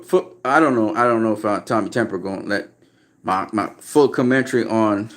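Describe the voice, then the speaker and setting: A man, a boxing trainer, giving his opinions in casual, emphatic talk, repeating his points bluntly and with profanity. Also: medium pitch.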